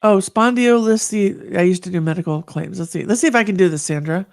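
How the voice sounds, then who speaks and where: A woman guest telling her story in a candid conversation, earnest and animated. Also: on the low side, very fast, gravelly, no room sound, clean studio sound.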